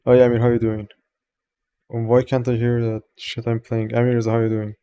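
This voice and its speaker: A man with a Persian accent chats loosely on a live stream. He greets his viewers one by one and jokes and swears casually. His voice is warm and mellow, with a natural, mid-range pitch. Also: completely flat delivery, normal speed, smooth. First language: Farsi.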